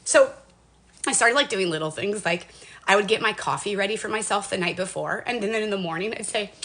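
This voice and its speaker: A woman's voice: mid-range voice, a little fast, fairly bright tone. A woman in her forties from Washington State, talking in a casual, earnest and emotional way on a motivational livestream, rambling with many restarts. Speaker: lifestyle livestreamer.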